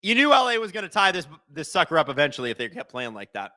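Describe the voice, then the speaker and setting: Lively, bright-voiced man hosting a live stream. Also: a little high, fast. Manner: excitable, joking, chats with viewers. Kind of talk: live watch-along commentary, reading chat.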